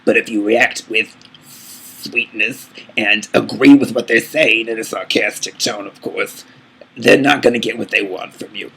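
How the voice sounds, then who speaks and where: A man playing a vain, creaky old diva. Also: fairly low pitch, steady tone, unhurried, bright, forceful tone, a little hiss or hum, heavily acted, low-quality recording. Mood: self-important. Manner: theatrical, calls everyone darling, boastful asides. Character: vain aging female diva singer, grandly self-adoring. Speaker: channel host answering fan questions. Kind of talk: comedic character vlog.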